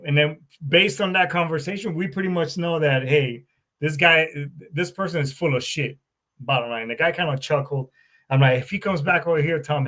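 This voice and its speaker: A middle-aged American man hosting a podcast, telling stories in a profane, animated way and acting out both sides of conversations. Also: fairly high pitch. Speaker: podcast host. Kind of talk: casual storytelling monologue.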